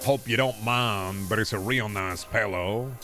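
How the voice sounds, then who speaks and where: A man's voice: lowish voice, a little slow. A man streaming a game from his home setup, chatting casually and sardonically, swearing freely and muttering to himself. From Iowa. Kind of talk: casual gameplay streaming chat. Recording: faint music behind.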